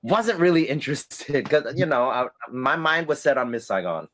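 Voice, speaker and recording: Amid slight background noise, a middle-aged ex-performer from the stage tells stories in a relaxed interview at normal speed and medium pitch. He's lively and laughing, imitating the voices of people he quotes.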